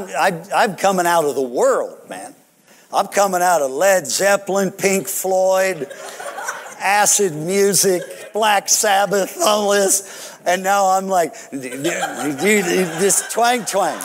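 Man, pastor, animated sermon storytelling, reverberant hall. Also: high voice. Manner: animated, chuckling storyteller with restarts.

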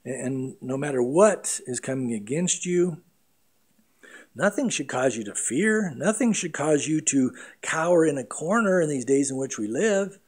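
A middle-aged man preaching a sermon as pastor, earnest and emphatic, with big swings between loud and quiet. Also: fairly high pitch, animated, a little slow.

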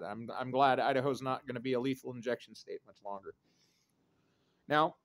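A man in his thirties rambling through a profane, sardonic vlog rant with dark jokes. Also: a little high. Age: 30s. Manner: sardonic, profane, darkly joking. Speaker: vlogger.

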